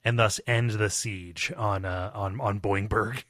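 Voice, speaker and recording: A man's voice: on the low side, steady tone, measured pace, a bit bright, no room sound, clean studio sound. Laid-back joking male podcast host. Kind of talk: casual chat.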